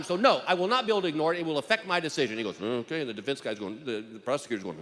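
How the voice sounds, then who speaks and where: A man's voice: fairly high pitch, animated, rapid-fire, few pauses, bright, forceful tone. A man doing stand-up, telling a story and acting out the voices of the people in it. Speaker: stand-up comedian. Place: stage in a large hall. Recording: live show in a hall, audience noise.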